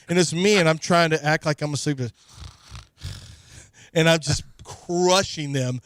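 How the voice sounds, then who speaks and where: Sports radio guy laughing through a story, kinda high voice, dry close studio mic. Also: fairly even intonation, fairly quick, a bit bright, dry recording. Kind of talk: casual radio banter and storytelling.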